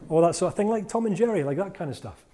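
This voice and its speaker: A man's voice: high-pitched, lively intonation, rapid-fire, mellow. A man giving a live seminar talk to an audience, playful and jokey as he works with volunteers on stage. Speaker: motivational speaker.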